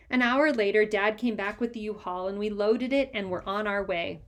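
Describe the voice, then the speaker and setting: A woman reading a children's chapter book aloud with lively, expressive narration. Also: mid-range voice, normal speed, few pauses. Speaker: reader. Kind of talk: storybook read-aloud.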